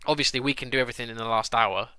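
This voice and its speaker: A young man talks through a football management game for his stream viewers, thinking aloud and now and then ranting at it. His voice is bright and forceful, and his pitch sits in the middle of the range for a man. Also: fairly even intonation, rapid-fire, clean tone. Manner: chatty, talks to viewers, rants and exclaims. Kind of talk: casual gameplay commentary.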